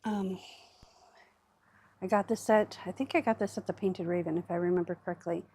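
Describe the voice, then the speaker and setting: A woman's voice: lowish voice, fairly even intonation, a little fast, darkish tone, slight background noise. Chatty woman demonstrating crafts. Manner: chatty, self-deprecating, thinks aloud with fillers. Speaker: crafting livestream host.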